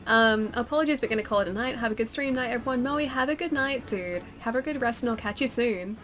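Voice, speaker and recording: A woman's voice: on the high side, fast talker, a bit bright. A woman with a head cold, her voice stuffy and nasal as she chats casually on a live stream. She laughs easily and pokes fun at herself, close on a pop-filtered mic in a home room with faint game music underneath. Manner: chatty, giggly, self-deprecating. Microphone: close studio mic with pop filter.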